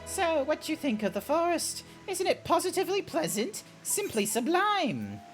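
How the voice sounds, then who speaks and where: A man's voice: very high-pitched, huge pitch swings, fairly bright tone, soft background music, voice pushed up, heavily acted. A man voicing a fussy, genteel male game character in a put-on posh British nanny voice. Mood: prim, genteel. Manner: plummy, drawn-out, overly polite delivery.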